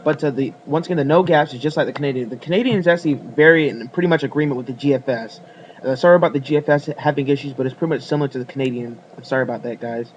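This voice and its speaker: A man's voice: medium pitch, racing, lo-fi sound, slight background noise. A man giving a casual weather forecast video, rambling with fillers and apologies as he works the screen.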